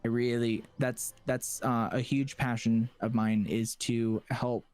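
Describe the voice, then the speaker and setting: A young man, a streamer guest in a casual interview, talking in a halting way with many fillers and restarts. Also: medium pitch, little pitch movement, a little mellow, clean tone, soft background music.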